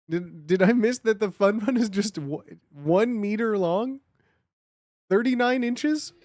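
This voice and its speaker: A man streaming casual reaction commentary, excitable and slangy, often repeating himself. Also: high voice, takes it slowly, long pauses, no echo, clean studio sound.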